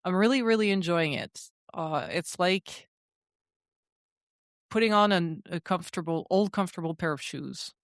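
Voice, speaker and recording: A woman with a fairly low voice is co-hosting a casual podcast. She tells stories in a chatty, animated way, full of ums and asides. Her voice is close and dry, with no room sound. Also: normal speed, no room sound. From French Canada. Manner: chatty and animated, with many fillers. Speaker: podcast co-host.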